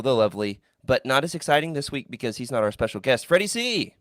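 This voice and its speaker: A man's voice: medium pitch, very animated, quick pace, hardly any pauses, no room sound, clean studio sound. A man hosting a podcast in a casual, playful chat, hamming it up as he talks over a video call. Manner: playful, hams it up. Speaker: podcast host.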